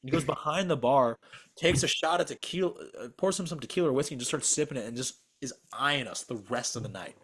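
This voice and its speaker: A man's voice: mid-range voice, fast, fairly bright tone, breathy edge. A young man co-hosting a podcast over a video call, telling a story as a profane, exasperated rant. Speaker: podcast co-host.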